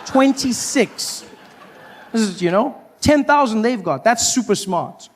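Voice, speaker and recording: A male stand-up comedian performing before a live audience. He speaks in a fairly high voice with very lively swings of pitch and often slips into put-on voices. A faint background hiss runs underneath. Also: normal speed. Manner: animated, jumps into put-on voices.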